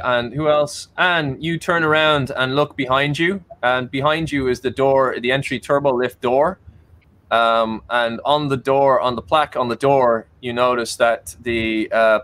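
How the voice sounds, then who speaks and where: A man's voice: medium pitch, steady tone, a little slow, fairly bright tone. A man narrating as game master for a tabletop role-playing game, with many ums and restarts.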